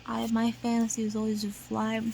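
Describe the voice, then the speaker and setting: A woman's voice: a little high, monotone, moderate pace, vocal fry, mellow, slight background noise, low-quality recording. A woman telling a rambling, emotional story in a casual vlog, sometimes drifting into half-whispered singing. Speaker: vlogger.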